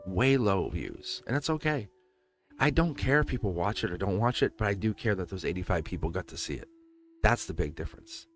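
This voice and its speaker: A man's voice: low voice, lively intonation, fairly quick. A man hosting a live tarot stream, chatting casually with viewers, laughing often and firing off rhetorical questions.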